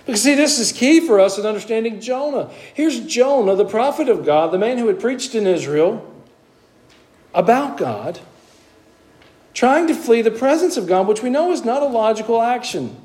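A man preaching a sermon, moving between hushed asides and emphatic, high-pitched exclamations. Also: lively intonation, normal speed.

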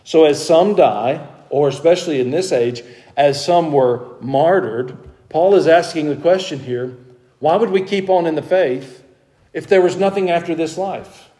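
Mellow-voiced man teaching a Bible study. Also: on the high side, normal speed. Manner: conversational, grows emphatic.

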